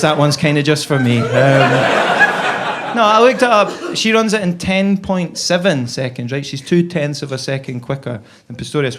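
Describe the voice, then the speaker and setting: A man's voice: fairly high pitch, very noisy. A young Scottish man with a Scottish accent doing a chatty, self-deprecating stand-up set on stage. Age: young adult. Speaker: stand-up comedian. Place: comedy club stage.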